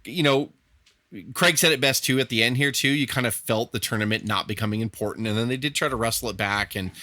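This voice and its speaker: A man co-hosting a casual podcast chat, emphatic and animated, swearing freely as he makes his points. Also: mid-range voice, fast, no echo. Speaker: podcast co-host.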